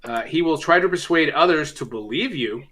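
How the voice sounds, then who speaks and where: A man's voice: on the high side, lively intonation, moderate pace, bright, forceful tone. A man running a tabletop role-playing game, narrating casually with many fillers. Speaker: game master.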